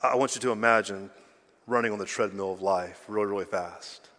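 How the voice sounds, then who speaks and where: A man, a pastor, preaching to a congregation, swinging from loud emphasis to hushed lows and talking directly to the people. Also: fairly quick. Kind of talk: sermon. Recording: reverberant hall, faint music behind.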